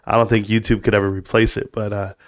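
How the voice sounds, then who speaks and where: A man hosting his own live stream, talking in a blunt, fired-up rant that swings from calm to loud and emphatic. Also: lowish voice, fast, no echo. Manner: blunt, swears freely. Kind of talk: ranting live stream talk. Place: room at home.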